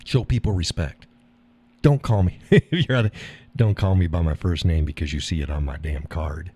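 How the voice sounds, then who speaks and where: A man's voice: low-pitched, normal speed, warm tone, breathy edge, dry recording. A middle-aged man hosting a live stream, talking bluntly with profanity and frequent laughter. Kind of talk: casual monologue. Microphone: audio call or stream mic.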